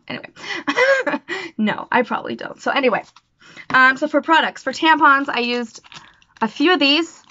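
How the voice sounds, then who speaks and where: A woman's voice: high voice, big pitch swings, normal speed, pauses often, sharp tone, dry recording. A young woman talking casually in a personal vlog, rambling and self-deprecating with lots of fillers. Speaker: vlogger. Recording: dull lo-fi sound, dry.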